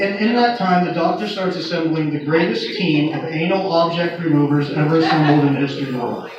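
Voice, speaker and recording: A man's voice: on the high side, brisk, few pauses, distant mic, muffled recording, crowd noise. A man telling crude stand-up stories about working as a nurse, with a storyteller's build to each punchline. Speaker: stand-up comedian. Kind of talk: stand-up comedy set. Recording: echoey live club recording from afar. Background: audience laughter.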